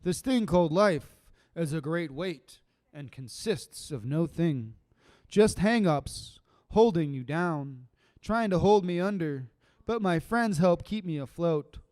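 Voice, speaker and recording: A man performing his own poetry on a live stream, chanting lines slowly and swinging from loud declaiming to quiet, rambling asides. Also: a little high, expressive, no room sound, studio quality. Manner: rambling and laid-back between poems.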